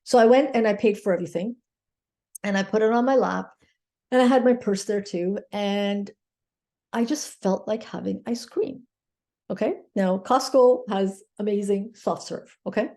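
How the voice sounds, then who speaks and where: A woman's voice: mid-range voice, moderate pace, mellow. A woman mindset coach telling a personal story in an earnest, grateful way, often checking in with her listeners with "okay?".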